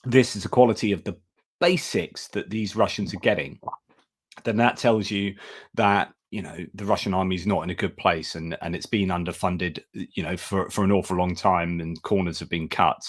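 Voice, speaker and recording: A man's voice: deep voice, steady tone, moderate pace, no echo, studio quality. A man hosting a live stream over a video call, chatting casually and thanking supporters with frequent restarts. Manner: chatty, many restarts and fillers.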